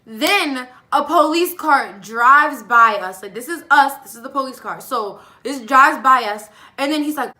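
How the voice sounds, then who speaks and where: A teenage girl telling a casual storytime vlog, animated, acting out quoted lines between fillers. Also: high voice, unhurried, few pauses. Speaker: vlogger.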